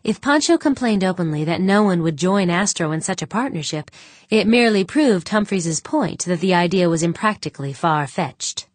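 A woman with a low voice narrates an audiobook in a steady, measured way. The recording is close and dry. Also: dry recording. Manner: even, measured storytelling. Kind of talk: scripted narration.

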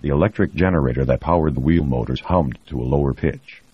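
A man reading a novel aloud in a steady, measured scripted narration. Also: very deep voice, husky. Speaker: audiobook narrator. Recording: dry, dull lo-fi recording.

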